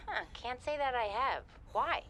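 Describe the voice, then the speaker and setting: A wry young robotics worker in a video game, tossing back dry, teasing answers. Her voice sits a little high, with faint noise behind it. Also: lively intonation, unhurried.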